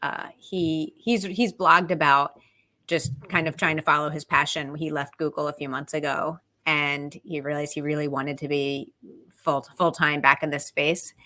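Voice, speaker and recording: A woman's voice: sits low, flat delivery, normal speed. A woman co-hosting a live show in casual, enthusiastic chat, with frequent "like" and "um". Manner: warm, enthusiastic, lots of "like" and "um". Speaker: co-host.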